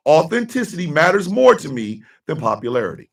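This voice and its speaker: A man's voice: on the high side, sing-song, brisk, gravelly, distant mic, a little hiss or hum. A middle-aged man hosting a radio talk show, giving a blunt, profane personal monologue and repeating his key lines for emphasis.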